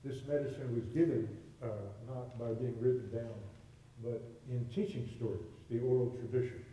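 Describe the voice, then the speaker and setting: An older man, a spiritual teacher, telling a story to a congregation in a relaxed, amused way, acting out both sides of the conversation. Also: medium pitch, normal speed, lo-fi sound, a little hiss or hum. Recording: distant, very echoey hall recording.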